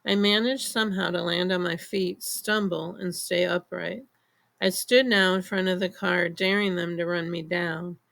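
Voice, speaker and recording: A woman narrating a novel in the first person, in measured storytelling. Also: on the low side, steady tone, gravelly, fairly bright tone. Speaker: audiobook narrator. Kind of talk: scripted audiobook narration.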